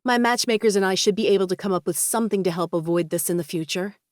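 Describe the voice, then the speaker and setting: Woman doing a brisk female matchmaker. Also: medium pitch, no echo, studio quality, lightly acted.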